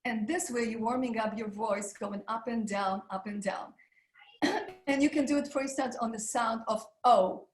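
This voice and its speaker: Speaking at a moderate pace in a fairly high voice, a female voice coach runs a live online coaching webinar, warmly leading breathing and vocal warm-up exercises. The audio has clear room echo, like a video call from a room with hard walls.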